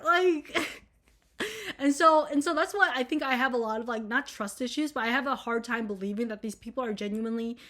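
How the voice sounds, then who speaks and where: A woman's voice: on the high side, a little fast, fairly bright tone. A young woman in college talking frankly and profanely in a rambling vlog monologue, full of fillers. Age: young adult. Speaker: vlogger. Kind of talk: casual candid monologue.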